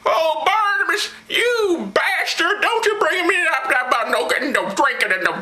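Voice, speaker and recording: A shrill, squealing apostle played by a man, outraged and slurring as if drunk. The voice soars high and swings wildly. It is bright and piercing, the sound of a cartoonish comedy skit. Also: sing-song, normal speed, reverberant, exaggerated voice. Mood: indignant.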